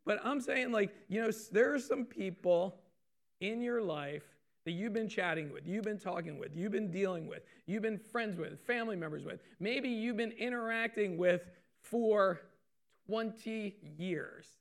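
A man preaches a sermon in an easygoing, conversational way. He repeats his points and throws questions out to the listeners. His voice sits high and carries a gravelly edge. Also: measured pace. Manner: conversational, repeats phrases, asks the audience questions. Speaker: pastor.

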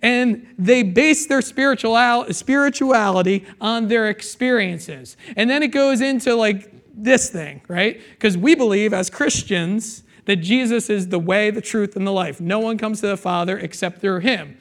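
A male pastor preaching a sermon in a conversational way, often checking in with "okay?" and "right?" and repeating his key phrases slowly for emphasis. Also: high-pitched, fairly bright tone.

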